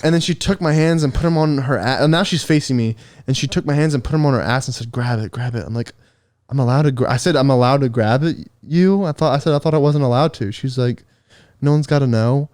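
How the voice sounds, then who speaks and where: A man's voice: mid-range voice, quick pace, darkish tone, dry recording, clean studio sound. A young man on a podcast, laughing sheepishly as he tells an awkward story and saying "dude" a lot. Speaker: podcast co-host. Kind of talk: casual storytelling chat.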